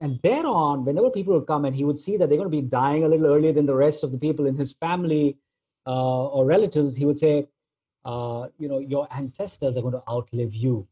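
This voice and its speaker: A man giving a relaxed storytelling talk, using plenty of filler words as he tells everyday examples. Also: a little high, quick pace, breathy edge, lo-fi sound. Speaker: speaker on negotiation.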